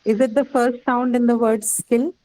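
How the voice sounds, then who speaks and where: A woman's voice: fairly high pitch, steady tone, moderate pace, dark tone, poor audio. Indian woman teacher quizzing a class. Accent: Indian English. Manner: explanatory, asks the class questions, frequent "okay" and "right". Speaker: English phonetics teacher. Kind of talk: classroom lecture.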